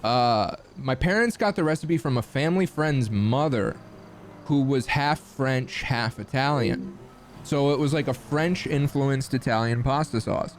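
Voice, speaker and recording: A man's voice: medium pitch, a little slow. Casual young streamer guy from the midwest, swears freely, faint music in the back. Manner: chatty, swears freely, lively asides. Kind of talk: casual chat reading stream chat.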